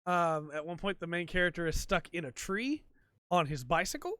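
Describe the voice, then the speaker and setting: A man's voice: a little high, expressive, normal speed, pushed and bright, clear, resonant tone, dry recording, studio quality. A man hosting a podcast, chatting casually and rambling with lots of ums and likes. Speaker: podcast host. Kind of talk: casual solo chat. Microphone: desk mic for a stream.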